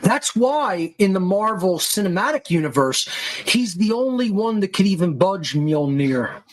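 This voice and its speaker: A man's voice: sits high, sing-song, a little slow, poor audio. A male podcast host giving an angry, aggressive monologue full of profanity and insults.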